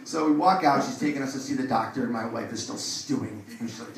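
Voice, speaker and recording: A man's voice: mid-range voice, animated, a little fast, recorded from a distance, heavy background noise. A man telling a loose, swearing stand-up story on a comedy club stage, with the audience laughing behind him. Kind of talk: stand-up set. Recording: echoey club, mic heard from afar.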